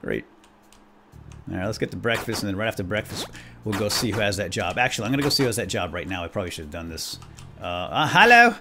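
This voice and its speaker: A man's voice: fairly low pitch, sing-song, fast, over music. A man chatting his way through a video game as a let's play host, talking to himself and chuckling often. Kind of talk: gameplay commentary.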